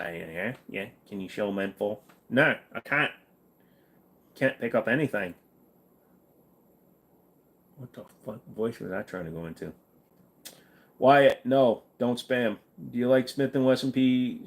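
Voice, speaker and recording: Laid-back man reading livestream chat. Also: medium pitch. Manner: relaxed, chatty, answers viewer questions. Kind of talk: casual livestream Q&A.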